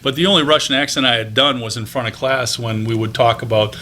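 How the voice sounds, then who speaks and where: A man's voice: mid-range voice, fast, pushed and bright, slight background noise. A man in his fifties, a teacher turned voice actor, telling stories from his career as an interview guest in a chatty, anecdotal way. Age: 50s. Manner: chatty anecdotal telling with frequent ums and restarts. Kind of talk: casual interview storytelling.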